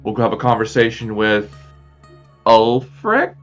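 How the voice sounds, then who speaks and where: A man's voice: fairly low pitch, sing-song, a little slow, fairly bright tone, lo-fi sound, soft background music. A man playing a tabletop game, chatting casually and steering the group's plans. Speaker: player.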